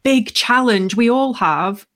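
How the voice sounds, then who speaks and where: A woman's voice: fairly high pitch, animated, takes it slowly, a bit bright. A middle-aged woman guesting on a podcast, talking frankly and laughing easily. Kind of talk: casual interview chat.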